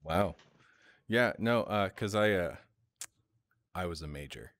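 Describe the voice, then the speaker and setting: A man's voice: deep voice, lively intonation, slow, fairly bright tone, no echo. A man hosting a casual livestream chat, jokey and rambling, with many restarts. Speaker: host.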